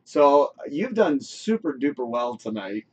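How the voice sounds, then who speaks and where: A man hosting a casual live talk show, animated and encouraging, saying "you know" a lot. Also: mid-range voice, a little slow, slightly rough. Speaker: host. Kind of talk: casual chat.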